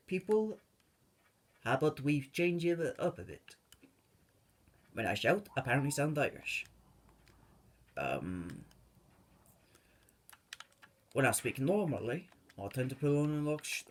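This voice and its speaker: A young man talks over his game, drifting from one tangent to the next with plenty of ums and uhs. His pitch sits mid-range but swings in a lively way. The delivery is casual and unscripted. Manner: rambling and tangent-prone, with many fillers. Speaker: gaming channel host. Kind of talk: rambling let's-play commentary.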